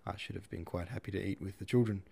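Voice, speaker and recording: A man's voice: sits low, quick pace, creaky, dark tone, breathy edge, heavily acted. A man voicing a polite, reserved young guest who speaks hesitantly in an audiobook reading. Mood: awkward.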